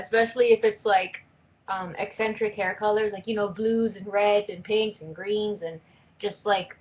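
A woman's voice: medium pitch, lo-fi sound. A young woman in a casual vlog, answering questions about herself in a chatty, rambling way with lots of fillers. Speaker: vlogger. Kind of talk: casual tag video chat.

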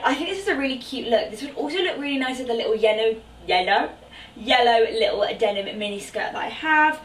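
A woman's voice: high-pitched, slight background noise. A woman, chatting and exclaiming bubbly through a clothing try-on haul. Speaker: fashion vlogger. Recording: roomy, distant from the mic.

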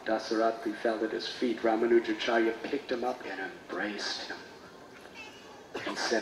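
A man, a spiritual teacher, telling a sacred story in a sermon with reverent, expressive delivery. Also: lowish voice, moderate pace. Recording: roomy space with faint noise.

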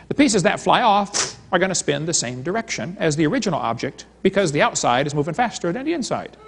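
A man with a somewhat high voice lectures at a live seminar, mixing jokes with stories that he acts out as dialogues. His voice rings with the long reverb of a large hall. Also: creaky. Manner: joking storyteller, retelling dialogues. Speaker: creationist seminar speaker.

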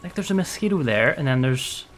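A man's voice: medium pitch, brisk, slight background noise. A man streaming a survival game, talking casually to himself, swearing and jumpy as things go wrong. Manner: excitable, swears a lot, jumpy. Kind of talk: casual gameplay commentary.

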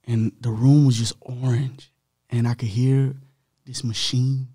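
A man's voice: medium pitch, a little slow. Man telling a hospital story casually. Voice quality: slightly rough voice. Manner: animated, acts out dialogue, frequent swearing. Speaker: podcast guest.

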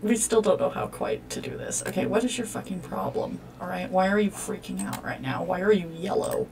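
A woman's voice: lowish voice, huge pitch swings, fairly quick, creaky, recorded from a distance, background noise. A woman hosting a let's-play, commenting on a life-sim game in a profane, exclamatory way as she talks at the characters. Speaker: gaming channel host.

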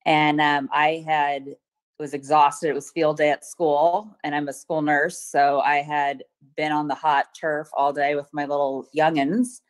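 A middle-aged woman testifying at a court hearing over a video call, retelling events hesitantly with many pauses and ums. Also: low-pitched, little pitch movement. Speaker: witness testifying at a protective order hearing.

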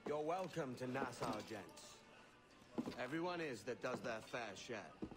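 A man's voice: mid-range voice, animated, a little slow, lightly acted. A man voicing a stern, curt pirate elder. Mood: dry. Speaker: game character. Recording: game cutscene with loud music. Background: loud score.

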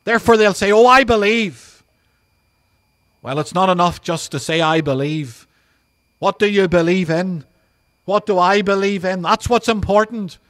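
A male pastor, preaching an earnest sermon and slowing down to stress each scripture quote. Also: high-pitched, fairly bright tone. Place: outdoor drive-in church service.

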